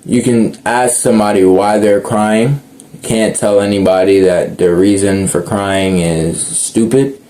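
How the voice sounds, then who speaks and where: A man's voice: on the low side, fairly even intonation, a little slow, warm tone. A young man talking casually and earnestly outdoors, rambling and correcting himself as he goes. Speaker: speaker sharing reflections. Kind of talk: casual unscripted monologue.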